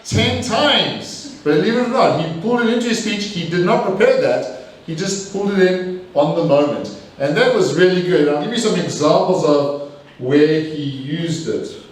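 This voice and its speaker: A man giving a live language evaluation at a speaking club, energetic and emphatic, often repeating phrases and correcting himself. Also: a little high, moderate pace. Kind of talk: live speech evaluation to an audience. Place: meeting room with audience. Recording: echoey room, mic far off.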